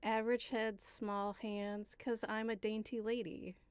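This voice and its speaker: A woman co-hosting a casual podcast chat, playful and quick to laugh. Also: medium pitch, flat delivery, clean tone, dry recording. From Illinois. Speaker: podcast co-host.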